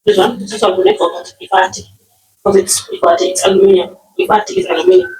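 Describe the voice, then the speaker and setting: A woman's voice: medium pitch, big pitch swings, quick pace, background noise. A woman from Nyeri with a Kenyan accent, teaching household words in a casual lesson, repeating words and often checking with "okay?". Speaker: language teacher. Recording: roomy, distant mic.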